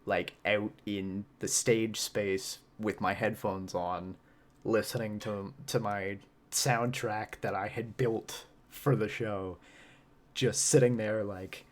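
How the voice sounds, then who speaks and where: A man's voice: lowish voice, fairly even intonation, takes it slowly. A man who acts on stage, guesting on a podcast and chatting casually in a rambling, reflective way with plenty of fillers and laughs.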